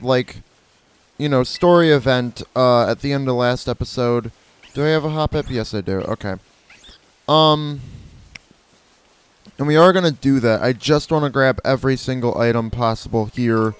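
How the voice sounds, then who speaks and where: A man's voice: mid-range voice, clean tone. A man casually commenting on his own gameplay, rambling playfully and correcting himself as he goes. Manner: rambling, playful, self-correcting, imitates creature cries. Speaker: gameplay video host. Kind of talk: casual let's-play commentary.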